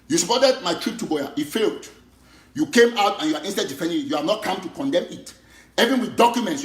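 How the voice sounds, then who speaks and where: Impassioned high-voiced Cameroonian activist man. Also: roomy sound. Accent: Cameroonian Pidgin English. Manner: impassioned, emphatic, repetitive. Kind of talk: political monologue.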